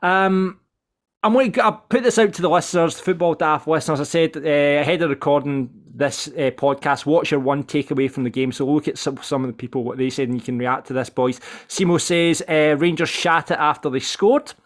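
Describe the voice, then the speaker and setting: Bloke hosting a footy podcast, voice sits a bit high, reads out listener takes and throws them to the panel. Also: male voice, fairly quick. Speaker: podcast host. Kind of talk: casual football podcast chat.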